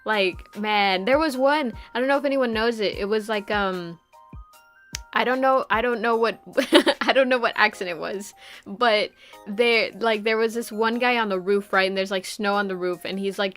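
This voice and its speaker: A woman's voice: mid-range voice, fairly even intonation, moderate pace, a bit bright, faint music behind. A young woman streamer chatting casually, rambling with lots of fillers and frequent giggles. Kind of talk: casual live-stream chat.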